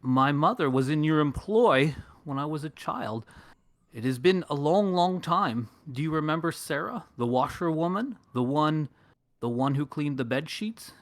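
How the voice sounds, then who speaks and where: A man voicing a solemn male wanderer who speaks in formal, measured phrases. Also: on the high side, lively intonation, no room sound. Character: solemn male wanderer back from years in the wilds.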